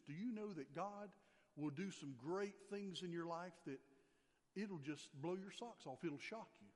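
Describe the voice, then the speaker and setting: An older pastor man preaching in a slightly high voice, pressing his points by repeating them. His voice rings with a long hall reverb, as in a church sanctuary. He sinks low and quiet when he reads scripture. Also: animated, normal speed. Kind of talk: sermon.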